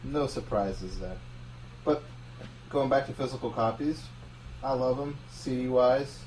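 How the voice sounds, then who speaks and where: Dude on a podcast, sits back from the mic, cursing a lot, light hiss. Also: male voice, mid-range voice, a little slow, darkish tone, distant mic, rough recording. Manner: blunt, swears often. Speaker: podcast co-host. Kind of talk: casual chat.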